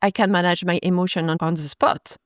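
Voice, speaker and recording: A woman's voice: on the low side, fairly even intonation, brisk, dry recording, clean studio sound. A woman in her forties, a yoga teacher and guest, telling stories in a reflective way with many restarts. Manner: reflective, retells stories with acted quotes, frequent restarts. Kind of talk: conversational interview.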